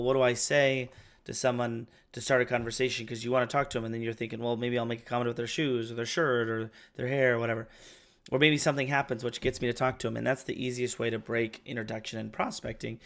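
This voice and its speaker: A man teaching insurance sales in a relaxed, chatty lesson. His voice sits at a middling pitch with a noticeable gravelly fry. He tends to let his sentences fade softly at the end. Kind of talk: casual training talk.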